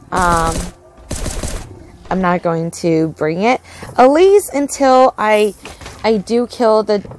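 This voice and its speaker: A young woman narrating her own gameplay in a casual, excitable, easily distracted way, full of fillers and sudden outbursts. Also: mid-range voice, a little hiss or hum. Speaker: gaming channel host. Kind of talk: casual game commentary.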